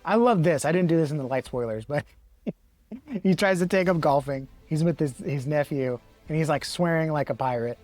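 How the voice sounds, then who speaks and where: A man's voice: a little high, moderate pace, darkish tone, no room sound, soft background music. A man giving a casual comic book review, rambling with many fillers and restarts and the odd chuckle. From Texas.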